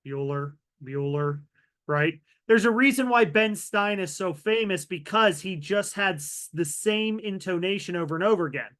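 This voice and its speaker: A man with a high, bright-sounding voice leads a virtual training session. He talks in a lively way, dropping to a softer register and slowing down whenever he wants a point to land. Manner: animated, varies loudness and pace for emphasis. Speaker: webinar presenter.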